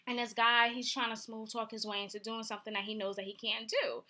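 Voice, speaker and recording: A young woman tells a story straight to the camera in a casual vlog, animated and candid, acting out what people said. Her voice sits a little high and has a bright, sharp edge. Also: a little fast. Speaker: vlogger.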